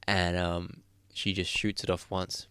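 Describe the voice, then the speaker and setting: A man co-hosting a podcast, retelling film scenes in casual chat, swearing freely and excitedly. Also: low-pitched, unhurried, smooth, no echo. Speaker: podcast co-host.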